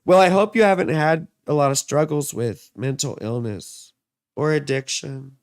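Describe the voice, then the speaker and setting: A man's voice: fairly high pitch, moderate pace, no room sound, studio quality. A man in his thirties giving a casual, rambling astrology and tarot reading, full of asides and fillers.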